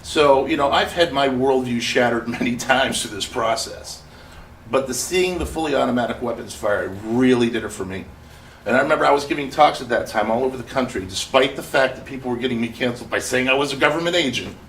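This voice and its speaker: A man speaks to a gathered crowd, his story impassioned and full of restarts. His voice sits at an ordinary middle pitch. He is caught from a distance in an echoey hall, with faint background noise. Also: brisk, fairly bright tone. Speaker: survivor speaking at a memorial gathering. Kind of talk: personal testimony speech.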